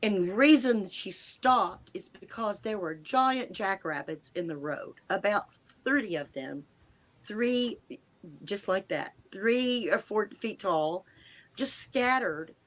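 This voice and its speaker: This interview guest, an American woman in her 60s, relates a personal encounter with feeling, speaking for herself. Her mid-range, slightly bright voice is animated, yet she halts, restarts sentences, and varies her pace, her dry mouth catching on words.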